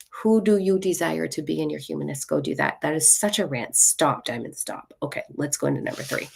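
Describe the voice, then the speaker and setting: Low, gravelly-voiced woman ranting bluntly. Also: darkish tone. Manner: blunt, ranting, swears freely; self-mocking and playful. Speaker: spiritual reader and live-stream host. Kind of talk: casual live-stream card reading.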